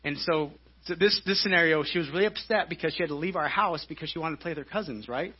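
Male pastor, live sermon; slightly raised pitch, breathy edge, muffled lo-fi recording, conversational delivery. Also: fast. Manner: conversational preaching with frequent "right?" and repeated words. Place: church service.

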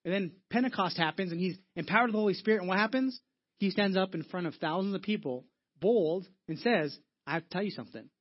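A man's voice: sits high, fairly quick, muffled recording. A man preaching a sermon as a church pastor, telling stories conversationally with frequent restarts and repeated words.

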